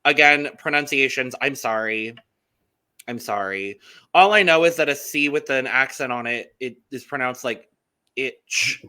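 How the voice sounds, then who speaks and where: A man's voice: mid-range voice, normal speed, pushed and bright, clear, resonant tone. A man co-hosting a casual podcast, chatty and upbeat, with frequent ums. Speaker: podcast co-host.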